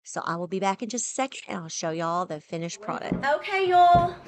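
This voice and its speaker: A woman with a lowish voice talks fast as she prepares supper in her home kitchen. The vlogger's cooking chat is casual and laid-back, peppered with "y'all."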